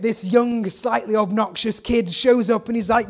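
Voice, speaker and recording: Pastor, high-pitched, energetic, preaches with rhetorical questions. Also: male voice, moderate pace, hardly any pauses. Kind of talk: sermon.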